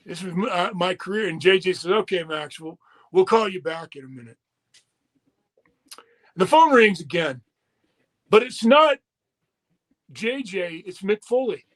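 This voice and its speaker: A man with a fairly high speaking voice spins a long, candid story as an interview guest. He swears freely and acts out what everyone said along the way, in the talk of a middle-aged former wrestler. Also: a little slow, pauses often. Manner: profane, animated storyteller acting out quoted dialogue.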